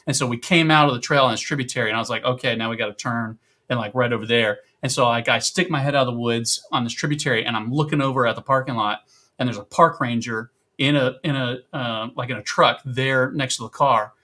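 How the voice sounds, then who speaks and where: Guy on a podcast telling a story, bright forceful voice, gets loud doing other people's lines. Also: mid-range voice, fast talker. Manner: animated, acts out quoted voices loudly. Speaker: podcast guest. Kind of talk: casual storytelling.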